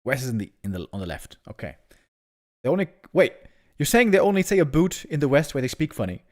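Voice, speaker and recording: A man's voice: medium pitch, fast. A man from Germany casting a live strategy game stream, chatting with viewers in playful banter. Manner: playful, animated banter with sudden loud outbursts. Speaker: esports caster.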